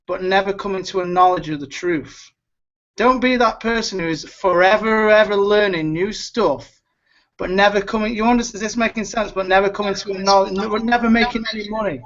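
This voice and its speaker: Over a video call, a man hosting a webinar gives an urgent motivational pep talk, repeating words as he pleads with listeners. His voice is high-pitched and fairly bright, and the sound is lo-fi.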